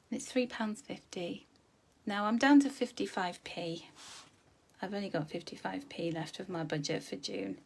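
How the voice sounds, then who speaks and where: A woman's voice: medium pitch, animated, normal speed, gravelly. Chatty woman budgeting coach. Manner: chatty, encouraging, addresses viewers as "my loves". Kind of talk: live online budgeting tutorial.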